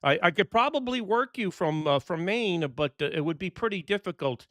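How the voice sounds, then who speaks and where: Upbeat radio amateur, a bit high-pitched, dry and close. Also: male voice, lively intonation, a bit bright, no room sound. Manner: upbeat, enthusiastic, brisk call signs. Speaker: ham radio operator. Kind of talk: radio calls and casual chat. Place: home room in New York.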